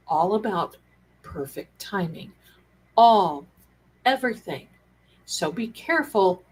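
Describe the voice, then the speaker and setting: A woman hosting a live spiritual talk stream, chatty and animated, calling viewers her darlings. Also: mid-range voice, breathy edge, low-quality recording. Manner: chatty, animated, acts out quoted dialogue, calls viewers darlings. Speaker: psychic and tarot host.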